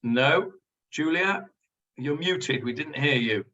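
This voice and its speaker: Rabbi, bright and forceful voice, teaching online; sits back from the mic, audio dull. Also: male voice, a little high, expressive, slow pace, distant mic. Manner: chatty, explains Hebrew words to students. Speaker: rabbi teaching a Talmud class. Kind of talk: online Talmud lesson. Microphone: video call.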